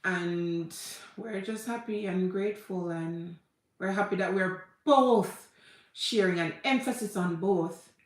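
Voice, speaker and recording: A woman's voice: on the low side, slow pace. A woman in her thirties with a Jamaican accent, telling a personal story in a heartfelt, tearful way. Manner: heartfelt, tearful, repeats herself, mixes in patois. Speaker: vlogger. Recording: echoey room.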